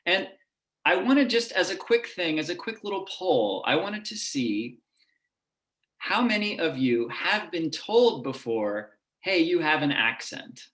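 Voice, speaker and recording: Lecturer, male, lower Midwest accent, slightly high voice, explanatory delivery, echoey room. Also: very animated, a little slow, fairly bright tone. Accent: lower Midwest American. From United States. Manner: explanatory, demonstrating vowel sounds. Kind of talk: online lecture.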